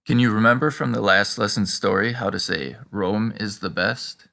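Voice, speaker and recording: Male teacher for a scripted lesson, bright and forceful tone, slows down for the examples. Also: lowish voice, vocal fry. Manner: prompting the listener with questions and pauses. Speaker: language teacher.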